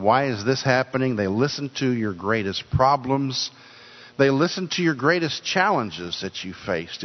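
An older man preaching a sermon in an earnest way, often repeating words for emphasis. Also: mid-range voice. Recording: dull sound with long hall reverb.

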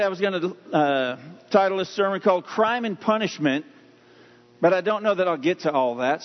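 High-voiced pastor preaching in a reverberant church. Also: male voice. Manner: folksy storytelling, reads scripture slowly. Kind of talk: sermon. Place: church sanctuary. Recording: muffled sound in a long-reverb hall.

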